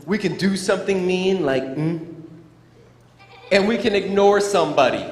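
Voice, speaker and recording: Motivational speaker, male, playful and high-voiced, heard in a reverberant hall. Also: unhurried. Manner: playful, acts out scenes for children. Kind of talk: animated school assembly talk. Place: school gym or auditorium. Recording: echoey hall, faint crowd noise.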